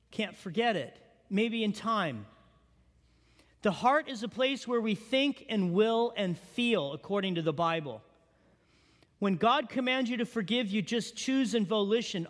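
A man preaching a sermon as pastor, telling animated stories and asking the congregation questions. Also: high-pitched, a little slow, long pauses, big-room sound.

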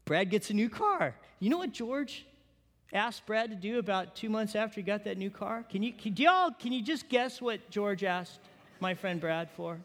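High-voiced pastor preaching in a hall. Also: male voice, moderate pace. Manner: animated storytelling, asks the congregation questions. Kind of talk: sermon.

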